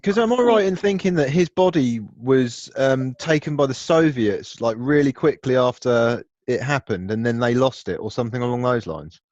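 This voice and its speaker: A man's voice: medium pitch, expressive, normal speed, hardly any pauses, darkish tone, no echo. A man co-hosting a podcast, joking around in casual banter. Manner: jokey, slips into silly put-on voices. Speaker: podcast co-host. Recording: dull dry lo-fi sound.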